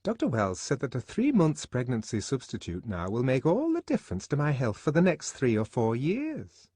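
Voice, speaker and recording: A man voicing Fanny, a gossipy young woman who scolds her friend in a shrill, mocking way. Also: huge pitch swings, normal speed, warm tone, slightly rough, no echo. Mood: scolding.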